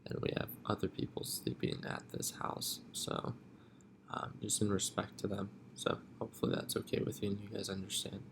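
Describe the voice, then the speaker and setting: A man talks low and softly on a live stream, his fairly deep voice full of gravelly fry. He sounds relaxed and unhurried, speaking from home at night, with a faint hiss of noise behind him. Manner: talking quietly, relaxed and unhurried. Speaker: trading livestream host.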